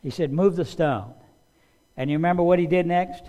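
A man preaching a sermon in an animated way, restarting phrases and raising his voice for quoted commands. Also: a little high, normal speed. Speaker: pastor.

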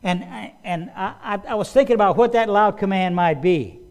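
A man preaching a sermon in an animated way, restarting phrases and raising his voice for quoted commands. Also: sits high, moderate pace. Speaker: pastor.

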